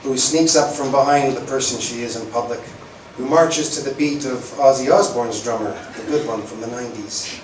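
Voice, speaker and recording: Wry spoken-word poet in an echoey room. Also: male voice, mid-range voice, moderate pace, background noise. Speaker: performance poet. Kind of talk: spoken-word poetry reading. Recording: echoey room, far from mic.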